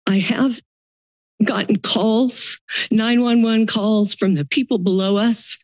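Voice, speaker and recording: A woman's voice: fairly high pitch, fairly even intonation, a little mellow, no echo. An older woman, a grandmother and homeowner, giving emotional public comment at a county board meeting, her voice shaky. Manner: emotional, pleading, halting.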